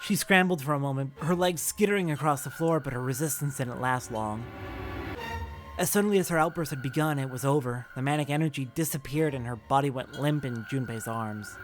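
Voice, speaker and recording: A let's play narrator reading a visual novel aloud with expressive commentary and reactions. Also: medium pitch, brisk, music in the background. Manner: expressive, reacts with swearing and sympathy.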